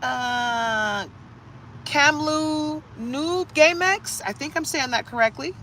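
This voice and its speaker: A woman from Detroit hosting a casual live stream, animated and chatty, greeting viewers by name and laughing often, recorded at home on a phone or webcam. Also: high voice, slow, slight background noise. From Detroit, USA. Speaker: live-stream host giving a reading.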